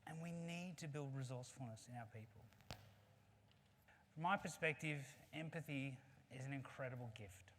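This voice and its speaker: A man's voice: medium pitch, moderate pace, a bit bright, slight background noise. A man giving an earnest, conversational keynote talk built around a story. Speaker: conference speaker. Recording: long reverb of a large hall.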